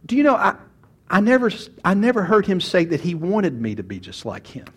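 Folksy preaching man, slightly high voice. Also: huge pitch swings, fairly quick, husky. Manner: folksy storytelling preacher with frequent restarts. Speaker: pastor. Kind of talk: sermon.

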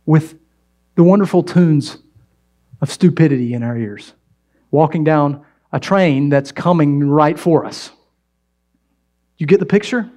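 A man's voice: on the high side, dark tone. A man preaching a sermon in a conversational, humorous way, telling stories and asking the audience questions. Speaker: pastor.

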